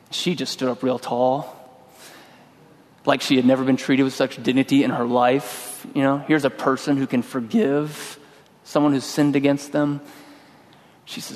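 A middle-aged man preaching a sermon in a relaxed, conversational way, telling a personal story and acting out his own lines. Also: mid-range voice, normal speed. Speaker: pastor. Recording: long hall reverb.

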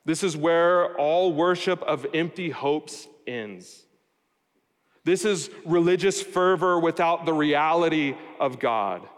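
A man's voice: a little high, takes it slowly, clean tone. A man preaching a sermon, explaining a scripture passage verse by verse and adding wry everyday asides. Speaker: pastor. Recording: long hall reverb.

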